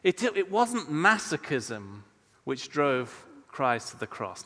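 Brief: male preacher, slightly high voice, unhurried sermon delivery, long reverb of a church hall. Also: very animated. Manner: slow, measured preaching with soft dropping phrase ends.

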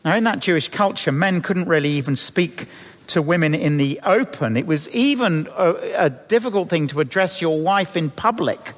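A man, a vicar, preaching a sermon and telling the story with lively acted-out voices. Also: a little high, normal speed, in a large hall.

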